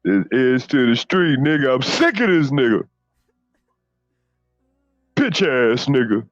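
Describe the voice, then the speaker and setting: A man's voice: mid-range voice, very animated, slow pace, no echo, muffled recording, soft background music. A man impersonating a boastful, arrogant former basketball star in a comedic rant, swearing and stumbling over repeated restarts. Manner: profane bragging, stammered restarts.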